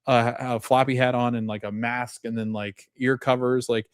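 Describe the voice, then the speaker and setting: A man's voice: mid-range voice, moderate pace, clean tone, no echo, studio quality. Chatty man recapping a TV episode. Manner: chatty, animated retelling with frequent restarts. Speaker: podcast host.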